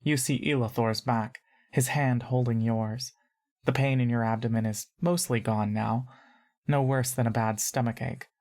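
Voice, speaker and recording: A woman narrating a fantasy audio story in the second person, calm and measured. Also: a bass voice.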